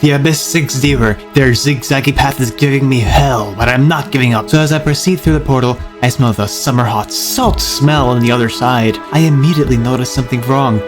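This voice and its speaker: A man's voice: mid-range voice, a little fast, hardly any pauses. A man doing a voice-over as a mock detective, with a dramatic, over-the-top noir delivery. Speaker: narrator. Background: music.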